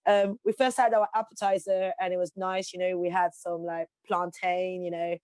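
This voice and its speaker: A woman's voice: lowish voice, flat delivery, moderate pace, darkish tone, no room sound. A woman, a guest in an interview, speaking passionately with emphatic rhetorical questions. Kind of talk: passionate conversational speech.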